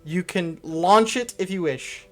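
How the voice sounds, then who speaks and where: A man running a tabletop game with an unhurried, somewhat high voice. He narrates in a casual, loose way and swears now and then, with faint music playing behind him. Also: fairly bright tone. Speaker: game master.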